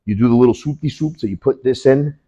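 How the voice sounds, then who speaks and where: Husky man demonstrating martial arts moves. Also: fast talker, dark tone, highs cut off. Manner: punchy, with sound effects like boom and bang. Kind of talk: hands-on technique demonstration.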